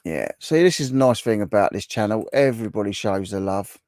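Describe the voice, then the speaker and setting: A man's voice: lowish voice, fairly quick, a little mellow, no echo, studio quality. A man hosting a casual livestream, reading viewer comments aloud and chatting with them in a bantering, repetitive way. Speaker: livestream host.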